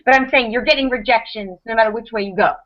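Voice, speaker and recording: A woman in her thirties on a podcast panel, telling a personal story in quick, animated bursts with restarts and laughs. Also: fairly high pitch. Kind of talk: casual storytelling chat. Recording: dull lo-fi podcast audio.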